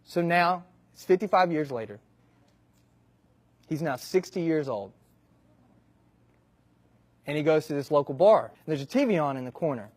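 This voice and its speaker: Man telling a long joke, animated delivery. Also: a little high, normal speed, pauses often. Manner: relaxed, conversational with animated shifts. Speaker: comedic storyteller. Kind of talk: stand-up style joke narration.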